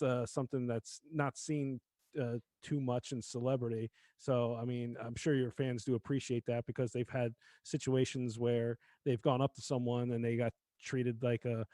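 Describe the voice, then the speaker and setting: A man's voice: medium pitch, mellow, dry recording. A man co-hosting a casual internet radio show, laid-back and heavy on fillers. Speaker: co-host.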